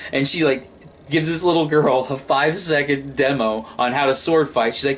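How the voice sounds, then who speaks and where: A man talks through a film review in a loose, rambling way. He swears freely and often trips over his words before starting again, in a voice of ordinary pitch. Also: fairly quick, a bit bright, a little hiss or hum. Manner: rambling, profane, frequent restarts. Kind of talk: casual film review monologue.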